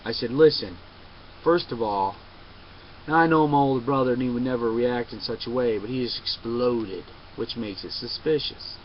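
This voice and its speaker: A man's voice: mid-range voice, normal speed. A man telling a long personal story to a webcam, emphatic and insistent, often digressing. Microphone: webcam mic. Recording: dull lo-fi webcam audio with faint noise.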